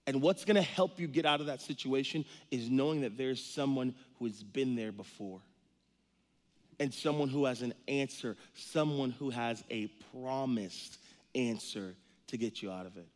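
A man in his thirties preaching a lively sermon, with a slightly higher voice and a quick, joking storyteller's manner. His voice carries the long reverb of a large church hall. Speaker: pastor.

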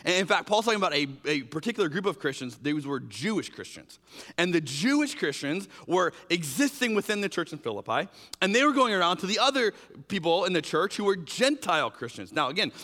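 A man's voice: sits high, fairly quick, in a large hall. A man preaching a sermon as pastor, conversational with fillers, acting out quoted exchanges in changing voices. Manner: animated, acts out quoted exchanges with shifting voices; conversational, uses fillers like "like" and "you know".

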